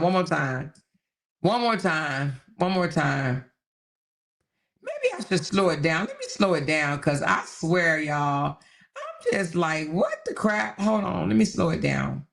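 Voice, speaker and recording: A woman's voice: low-pitched, measured pace, creaky. Incredulous woman live-streamer. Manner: animated, incredulous, talks to viewers as "y'all". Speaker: host. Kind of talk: casual live-stream chat.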